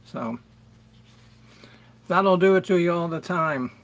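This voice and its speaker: A middle-aged man hosting a music livestream, chatting slowly and rambling as he greets viewers by name. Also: high-pitched, highs cut off. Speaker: livestream music show host. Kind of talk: casual livestream chat with viewers.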